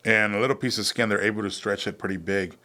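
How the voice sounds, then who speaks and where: A man's voice: lowish voice, fairly even intonation, fast talker, pushed and bright. A man in his thirties, a veteran guest on a podcast, telling his story candidly in a casual chat with many fillers and acted-out dialogue. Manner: candid, lots of fillers, acts out quoted dialogue.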